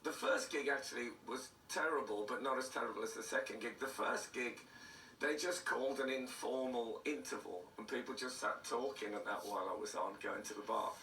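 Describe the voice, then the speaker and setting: A comedian in his 60s tells dry, self-mocking stories during a casual interview, his voice throaty and hoarse. It sits in the mid range with a sharp tone and a fairly quick pace. He's heard from a distance in a roomy studio, with slight background noise.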